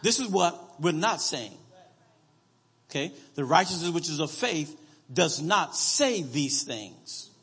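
High, husky-voiced preacher in a hall. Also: male voice, very animated, fairly bright tone. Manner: reads scripture slowly, calls out to the congregation. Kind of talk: sermon.

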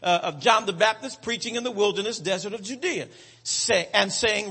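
A male preacher delivers his sermon with a bright, animated voice that climbs high and swoops as he stretches out words for emphasis and checks in with the congregation. His tone carries a breathy edge, and a long reverb from a large hall trails behind every line. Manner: rhythmic preaching cadence, drawn-out emphatic words, calls to the congregation.

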